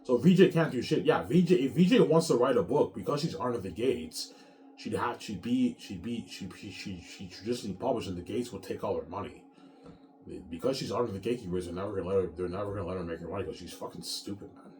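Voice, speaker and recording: A man's voice: fairly low pitch, quick pace, darkish tone. A man in his thirties, an author talking casually to his viewers in a rambling, profane rant, repeating words and tacking "man" onto his sentences. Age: 30s. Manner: repeats words and restarts often. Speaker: author vlogger.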